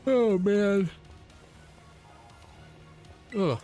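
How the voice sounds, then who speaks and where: A man's voice: high voice, extremely slow, dark tone, faint music behind. A man casually commenting on his gameplay as a streamer, laid-back, swearing and talking to his chat.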